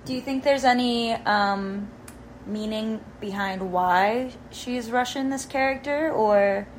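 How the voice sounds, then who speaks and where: A woman guesting on a casual comedy podcast, talking in a deadpan, playful way with frequent fillers. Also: on the high side, slow, slight background noise, poor audio.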